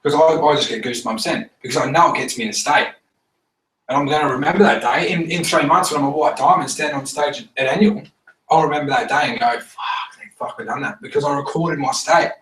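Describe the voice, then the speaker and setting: A man telling stories to a group in a casual, animated way, laughing often and swearing freely. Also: fairly high pitch, fast, distant mic. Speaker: team member giving a testimonial. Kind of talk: casual storytelling talk to a group. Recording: echoey room, recorded from afar.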